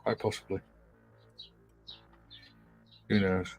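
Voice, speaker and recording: A man co-hosting a casual chat, relaxed and thinking aloud, with a dry sense of humour. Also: deep voice, fast talker, husky, no echo, faint music behind.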